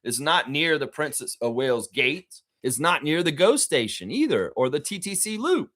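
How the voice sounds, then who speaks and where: A man's voice: fairly high pitch, big pitch swings, moderate pace, a bit bright. A man with a profane, heated manner, hosting a live reaction stream and reading out viewer comments. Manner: reads viewer comments aloud.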